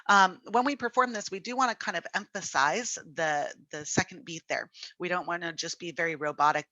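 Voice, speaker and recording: A woman's voice: low-pitched, a little fast, pushed and bright, dry recording, muffled recording. A young woman teaching an online music lesson, talking in a chatty, casual way and singing rhythms on simple syllables.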